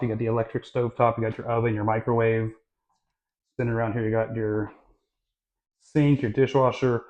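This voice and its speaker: A man giving a casual walkthrough of a new house as a real estate vlogger, talking in a relaxed, chatty way with lots of fillers, recorded on a handheld camera mic while walking through the rooms. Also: mid-range voice. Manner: chatty and relaxed, filler-heavy, self-correcting. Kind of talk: casual home tour walkthrough.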